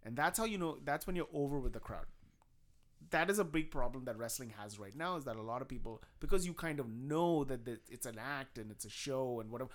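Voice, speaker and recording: A man on a podcast, chatting casually and excitedly, swearing and laughing as he explains things. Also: medium pitch, fairly quick. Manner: excited, laughing, swears often, acts out quotes. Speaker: podcast co-host. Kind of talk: casual chat.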